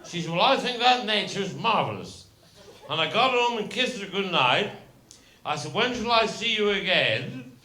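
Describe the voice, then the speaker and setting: Rambling Cornish comedian telling live stories. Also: male voice, sits high, lively intonation, moderate pace, sharp tone. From Cornwall, England. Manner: rambling, repetitive, folksy asides. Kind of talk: rambling live stand-up storytelling. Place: live comedy venue with audience. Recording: echoey live venue with audience noise.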